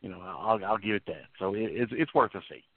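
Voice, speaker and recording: A man co-hosting a radio show, chatting casually in a halting, rambling way. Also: on the low side, husky, no room sound. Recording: dry, phone-like line.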